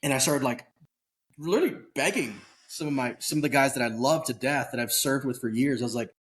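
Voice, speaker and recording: A man guest on an interview show, telling a story in a candid, casual way with lively acted-out bits of dialogue. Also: mid-range voice, brisk. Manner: animated storyteller who acts out quoted dialogue; candid, casual, occasionally swears. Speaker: podcast guest.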